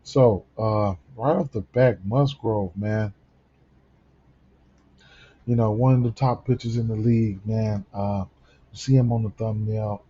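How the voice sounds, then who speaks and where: A man's voice: fairly low pitch, fairly even intonation, unhurried, pauses often, dark tone, dull audio, a little hiss or hum. A man hosting a casual sports betting picks rundown, sleepy in the early morning and rambling with many fillers and restarts.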